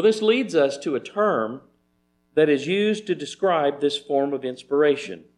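Methodical man teaching scripture, fairly high voice. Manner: methodical, cites chapter and verse, frequent restarts. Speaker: Bible teacher. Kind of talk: Bible teaching lesson.

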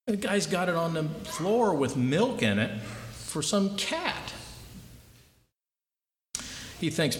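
A man preaching a sermon as a pastor, telling stories with lively, rising delivery. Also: moderate pace. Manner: animated storytelling, voices rising high in anecdotes. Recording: echoey hall, faint noise.

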